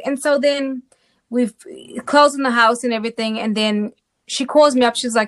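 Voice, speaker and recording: She's a South African woman giving her testimony as an interview guest, animated and regularly checking that the listener is following. Her pitch is fairly high and her pace moderate.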